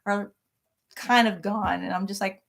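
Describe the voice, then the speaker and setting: A woman's voice: mid-range voice, fairly even intonation, unhurried, gravelly. A middle-aged woman hosting a crochet live stream from her home office, chatting casually and greeting viewers by name.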